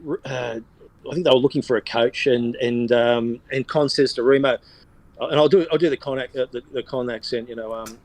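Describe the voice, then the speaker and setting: A man's voice: medium pitch, fairly even intonation, a little fast, a little mellow, low-quality recording. A man chats as a guest on a podcast, telling stories in a loose, rambling way. He fills his sentences with ums and you-knows as he goes. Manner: rambling storyteller, many fillers. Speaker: guest, sports journalist. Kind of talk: casual podcast chat.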